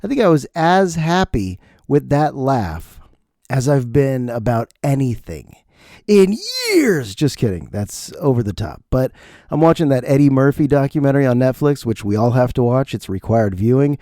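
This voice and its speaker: A middle-aged man hosting a comedic podcast monologue, animated, laughing often and mimicking lines. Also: mid-range voice, normal speed, dry recording, clean studio sound. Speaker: podcast host. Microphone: studio podcast mic.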